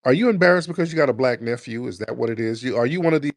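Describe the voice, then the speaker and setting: A man hosting a call-in show, taunting a caller with mocking, drawn-out repeated questions. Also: medium pitch, animated, no room sound. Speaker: host of a call-in talk show. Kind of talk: confrontational call-in radio talk.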